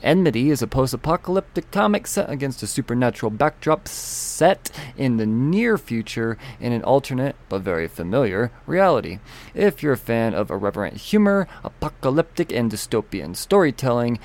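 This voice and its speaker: A man's voice: mid-range voice, animated, moderate pace, a little mellow. A man hosting a comics podcast in a casual, rambling way, joking with himself and restarting lines. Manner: rambling, self-amused, with restarts. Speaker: podcast host. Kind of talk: casual podcast chat and ad reads.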